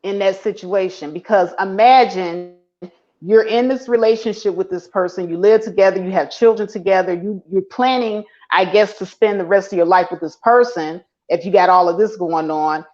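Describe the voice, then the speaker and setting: A woman's voice: medium pitch, normal speed, a little mellow, lo-fi sound. A woman co-hosting a podcast, thoughtfully walking through the situation with empathy. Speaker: podcast co-host. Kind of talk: casual commentary.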